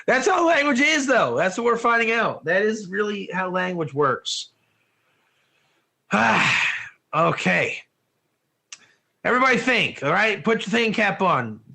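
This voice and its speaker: A man teaching an online Torah class in a lively, joking way, firing questions at his students. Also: high voice, measured pace, vocal fry, pauses often. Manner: animated, asks the class questions, often says "one or two", laughs at own jokes.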